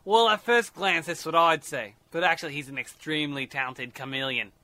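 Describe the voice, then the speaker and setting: A man's voice: on the high side, fairly quick, pushed and bright, no room sound. A man putting on an Australian accent to voice a cheerful, cheeky male animal expert. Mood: cheery. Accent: put-on Australian.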